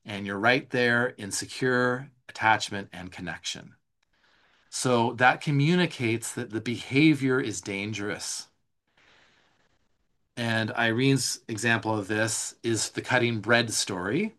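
A man leads a live online teaching session in an easy, unscripted way. He talks a worksheet through line by line, with plenty of "like", restarts and self-corrections. His voice sits at an ordinary middle pitch. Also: slow pace, a bit bright. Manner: conversational, loose, with frequent "like" and restarts.

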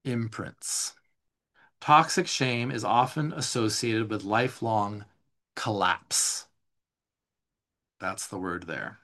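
A man leading a live somatic class, reading notes aloud and explaining them in a relaxed, conversational way, responding to viewer questions. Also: lowish voice, slow pace, pauses often. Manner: reads slides aloud, then explains in casual asides. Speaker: somatic teacher. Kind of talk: live online class teaching.

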